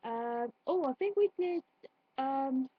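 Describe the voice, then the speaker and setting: A woman's voice: sits high, expressive, takes it slowly, no room sound. A young woman vlogging a play review in a rambling, chatty way, full of fillers and restarts. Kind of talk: casual chat. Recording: dull, dry home recording.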